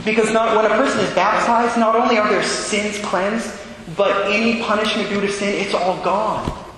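A man who is a Catholic priest, telling a story in a sermon and acting out the dialogue with animated changes in his voice. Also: sits high, moderate pace, slight background noise. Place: church. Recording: echoey church hall.

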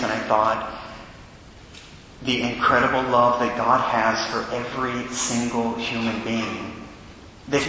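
A Catholic priest preaching a sermon, telling a story with earnest feeling and dropping to a hush for the quiet moments. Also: male voice, medium pitch, a little hiss or hum. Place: church. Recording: echoey church hall.

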